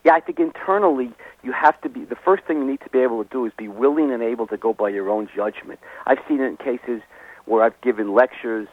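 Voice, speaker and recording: A man speaking as a guest expert on a call-in advice show, halting and repeating words as he thinks aloud. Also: medium pitch. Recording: tinny phone line.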